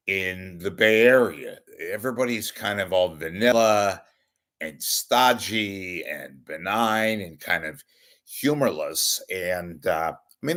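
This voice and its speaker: A man hosting a wry comedic monologue, meandering and halting. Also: lowish voice, a bit bright. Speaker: comedic host.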